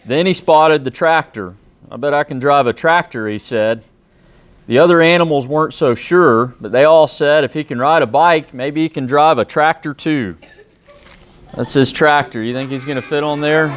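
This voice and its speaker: A police officer reading a children's picture book aloud, with friendly, plain-spoken asides to young listeners. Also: male voice, on the high side, moderate pace, no room sound. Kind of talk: children's storybook read-aloud.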